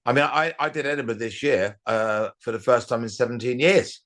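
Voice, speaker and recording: A middle-aged comedian telling rambling anecdotes in a casual interview, with restarts and acted-out quotes. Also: male voice, medium pitch, brisk, a bit bright. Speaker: comedian guest.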